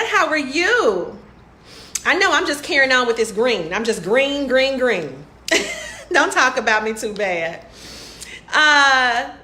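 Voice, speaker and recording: A hoarse woman hosting an upbeat motivational live stream, greeting viewers by name and laughing often. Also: sits high, bright, forceful tone. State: hoarse, losing her voice. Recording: echoey room.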